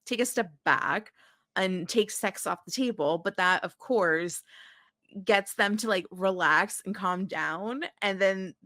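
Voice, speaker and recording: A woman co-hosting a podcast, recapping a TV episode in a chatty, steady way. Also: mid-range voice, takes it slowly, no echo, studio quality. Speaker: podcast co-host. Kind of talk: casual chat, recapping a TV episode.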